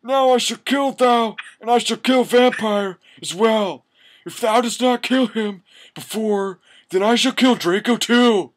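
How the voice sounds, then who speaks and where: A man voicing an evil male dark lord with a strained, raspy voice during a comic reading. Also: very high voice, a little slow, voice pushed up. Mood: menacing.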